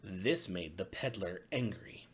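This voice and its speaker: A man, a pastor, reading a bedtime story to children in an expressive, sing-song way. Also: low-pitched, slow, slight background noise.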